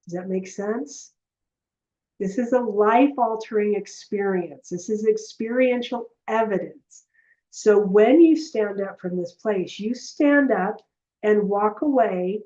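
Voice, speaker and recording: Animated woman teaching viewers live, muffled sound. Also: medium pitch, slow. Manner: animated storytelling, speaks straight to viewers. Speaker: energy healer and heart coherence teacher. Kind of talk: live online teaching session.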